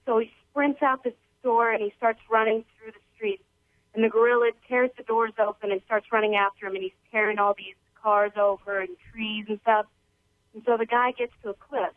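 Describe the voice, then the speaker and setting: A woman's voice: on the high side, fairly even intonation, fairly quick. A woman calling in by phone, telling a long joke in a casual, rambling way full of slang. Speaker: caller. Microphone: telephone. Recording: thin phone line.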